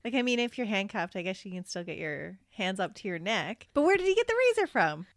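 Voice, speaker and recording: Lively woman podcast co-host. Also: mid-range voice, brisk, dry recording, clean studio sound. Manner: reactive listener, quips and asks questions. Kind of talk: true crime podcast chat.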